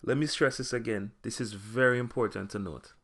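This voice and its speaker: Deliberate man teaching a lesson. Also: mid-range voice, a bit bright. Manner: clear, deliberate, slows down to spell out example words. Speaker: language teacher. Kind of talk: scripted lesson narration.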